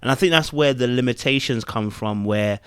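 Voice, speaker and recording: A man's voice: medium pitch, moderate pace, smooth, dry recording, clean studio sound. A man co-hosting a casual review podcast, thinking aloud with rhetorical asides and frequent restarts. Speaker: podcast co-host.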